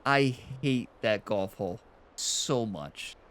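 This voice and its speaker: A young man hosting his own golf video game channel, chatting casually over gameplay, laughing often and swinging between frustration and excitement. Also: fairly low pitch, slow pace. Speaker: gaming channel host.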